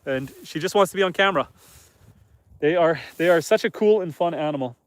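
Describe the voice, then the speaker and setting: A man from Northern Canada walks his homestead with a phone camera, chatting to viewers in a loose, rambling way. His voice sits slightly high for a man. The sound is close and dry, with no reverb from the open air around him. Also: a little fast. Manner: relaxed, rambling, reads viewer comments aloud. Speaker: homesteader live-streaming host. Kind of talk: casual live-stream chat. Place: outdoors on a homestead farm among animals.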